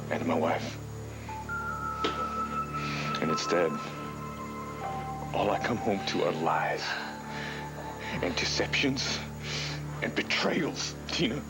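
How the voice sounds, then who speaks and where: A bitter, betrayed husband in a daytime television drama. The voice sits low but swings widely as he accuses her and keeps coming back to her name. A music bed runs under the broadcast audio. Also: expressive, takes it slowly, pauses often, full character voice, rough recording. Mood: bitter anger. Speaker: soap opera character, husband.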